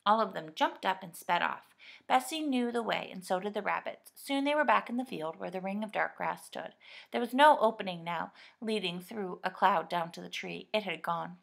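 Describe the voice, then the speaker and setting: A woman reading a children's storybook aloud in a lively, expressive way. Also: mid-range voice, moderate pace, gravelly. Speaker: reader. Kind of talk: storybook narration.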